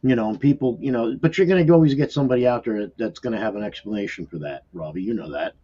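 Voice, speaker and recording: A man's voice: mid-range voice, quick pace, warm tone, highs cut off. A man co-hosting a paranormal podcast, telling stories in a rambling, emphatic way. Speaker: podcast co-host. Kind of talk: casual group chat.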